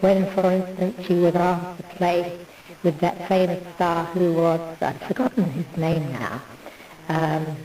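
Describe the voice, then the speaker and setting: A woman's voice: lowish voice, little pitch movement, a little slow, dark tone, far from the mic, poor audio. A woman in a meandering, digressive monologue who loses her thread. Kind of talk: rambling monologue.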